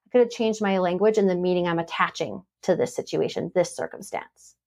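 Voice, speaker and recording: Animated woman telling stories on a podcast. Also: lowish voice, a little fast, creaky. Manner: animated storytelling, acts out her own past lines. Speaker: podcast guest, happiness mentor. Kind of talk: casual podcast interview.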